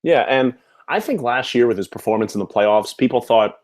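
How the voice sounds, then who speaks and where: Young male co-host, measured and explanatory, medium pitch. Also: expressive. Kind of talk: casual sports talk.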